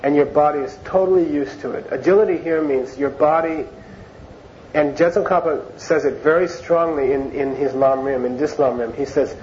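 With a slightly high, somewhat mellow voice and fairly even intonation, a man teaches an informal Dharma class at a moderate pace. He talks conversationally and keeps repeating words for emphasis, heard through dull, lightly hissy lo-fi audio.

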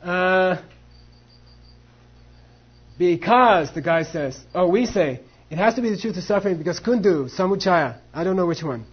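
A man's voice: sits high, animated, moderate pace, pauses often, breathy edge, highs cut off. A man teaching a class on monastic debate, acting out both sides and mixing in Tibetan phrases. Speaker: Buddhist philosophy teacher.

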